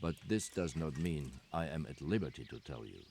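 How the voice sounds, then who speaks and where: An actor playing a guarded, secretive soldier, speaking in measured, formal video game dialogue. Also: male voice, very deep voice, expressive, mellow, slightly rough, no echo, heavily acted. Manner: measured, formal, stiff old-fashioned phrasing.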